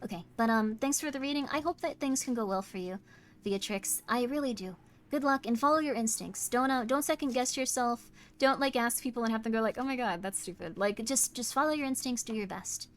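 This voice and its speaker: A tired woman streamer chatting casually while doing tarot readings, talking in quick self-interrupting bursts and apologizing often. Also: a little high. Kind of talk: casual live-stream chat.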